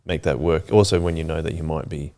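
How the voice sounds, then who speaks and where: A man hosting a church podcast who asks loose, rambling questions in a relaxed way. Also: a bass voice, quick pace. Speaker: podcast host. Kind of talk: casual interview. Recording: audio-only podcast.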